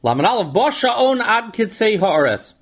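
Male Torah teacher, slightly high voice, explains verse by verse with dry humor. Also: sing-song, measured pace. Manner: reads Hebrew verses then translates and explains, wry asides. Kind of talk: verse-by-verse scripture lesson.

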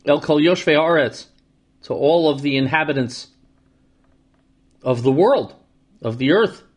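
Male Torah teacher, slightly high voice, explains verse by verse with dry humor. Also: unhurried. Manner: reads Hebrew verses then translates and explains, wry asides. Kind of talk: verse-by-verse scripture lesson.

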